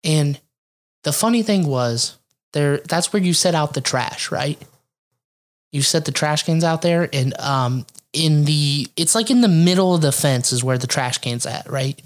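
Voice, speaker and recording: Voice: medium pitch, expressive, unhurried. A podcast co-host from Ohio telling a story in casual, rambling, crude chat with frequent laughs. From Ohio, USA.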